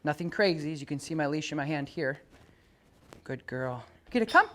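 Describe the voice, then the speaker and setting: While walking a dog on a leash during a live demonstration, a dog trainer explains things to the owner in a steady, plain way. When calling and praising the dog, the voice jumps loud and bright. Overall the pitch is medium and the delivery expressive, at normal speed.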